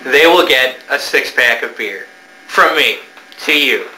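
A man's voice: mid-range voice, lively intonation, a little slow, reverberant, low-quality recording. A man, an author, making a hammy, over-the-top comic promo video.

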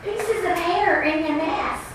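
A woman giving an earnest, insistent public comment at a school board meeting, often pausing to ask "okay?". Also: very high voice, recorded from a distance, noisy background. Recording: very echoey room heard from afar.

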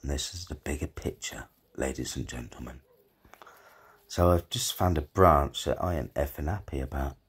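A man's voice: extremely low pitch, normal speed, slightly rough. A man, a self-employed gardener chatting casually on his vlog, rambling, joking and swearing as he goes.

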